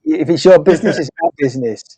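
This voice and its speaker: A woman's voice: sits low, fast talker, dark tone, husky, no room sound. A woman joining a livestream chat with dry, joking quips. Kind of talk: casual chat.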